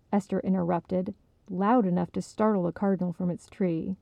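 A woman calmly narrating a short story as a storyteller. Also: on the low side, vocal fry, dry recording. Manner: calm, measured reading.

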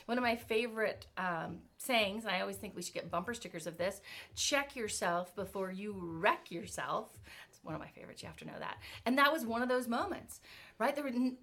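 A woman giving an energetic motivational talk on leadership, firing off rhetorical questions. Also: on the high side. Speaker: motivational speaker. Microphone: virtual event talk.

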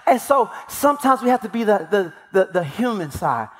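A man giving a sermon as guest speaker, animated and storytelling, acting out dialogue and repeating words as he builds his points. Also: high voice. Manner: animated, acts out dialogue in voices. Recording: long reverb from a large hall.

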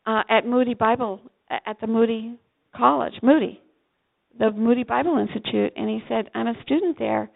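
An older woman from Vermont, a pastor's wife, telling a story and acting out the dialogue with lively delivery. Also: a little high, vocal fry, phone-quality sound. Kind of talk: storytelling testimony.

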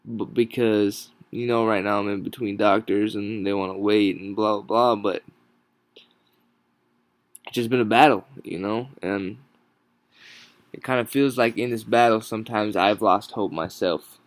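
A man hosting a podcast from home without a proper microphone, exhausted and yawning, talking haltingly with many pauses and restarts. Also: lowish voice, steady tone, dry recording. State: exhausted, sleep-deprived. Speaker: podcast host. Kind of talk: casual solo podcast talk. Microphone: no proper microphone, home recording.

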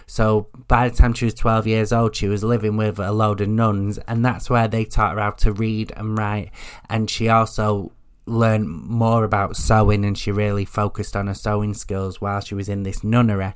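A man's voice: lowish voice, little pitch movement, moderate pace, clear, resonant tone. A man hosting a podcast, talking in a chatty, jokey way and swearing freely. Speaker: podcast host. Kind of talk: casual solo podcast chat.

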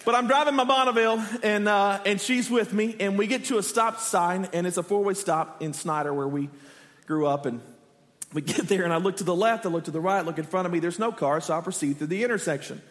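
A man in his thirties from Texas, a pastor preaching with animated, self-deprecating stories. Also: sits high, a little fast. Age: 30s. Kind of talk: sermon with humorous personal story. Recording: echoey church hall.

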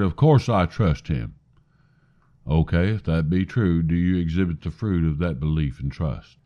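A man with a very low voice preaches a sermon, putting earnest questions straight to his listeners. The recording sounds dull and lo-fi.

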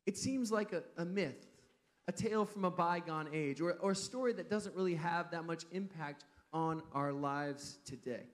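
Male preacher, slightly high pitch, conversational storyteller for a holiday sermon. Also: normal speed. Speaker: pastor. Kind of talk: Christmas Eve sermon.

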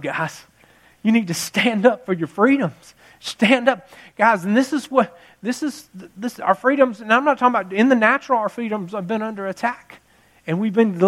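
High-voiced man preaching conversationally. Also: fairly bright tone. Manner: conversational preaching, repeats phrases, rises to passionate emphasis. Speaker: pastor. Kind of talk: sermon with personal story.

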